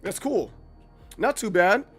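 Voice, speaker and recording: A man in his thirties chatting casually on a gaming livestream, animated and playfully dramatic. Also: high-pitched, slow, soft background music. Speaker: streamer.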